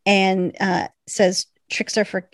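A woman in her thirties, a podcast co-host, recapping a TV episode in casual, animated chat. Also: mid-range voice, slow, no echo, clean studio sound. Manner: animated storytelling, acts out quotes with laughs.

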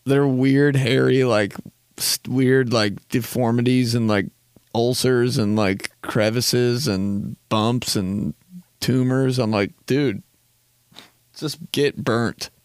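A man's voice: medium pitch, fairly even intonation, slow, clean tone, dry recording, clean studio sound. A young man in his twenties hosting a podcast, joking and rambling in a laid-back, casual way and swearing often. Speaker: podcast host. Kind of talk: casual comedic monologue.

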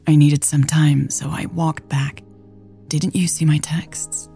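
A woman voicing a hurt, tearful young woman, speaking slowly and in a breathy whisper, while reading an audiobook. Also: deep voice, little pitch movement, mellow, soft background music, heavily acted. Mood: sad, tearful.

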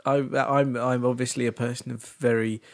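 A man's voice: mid-range voice, little pitch movement, fairly quick, no echo. A man co-hosting a podcast with wry, teasing casual chat. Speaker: podcast co-host.

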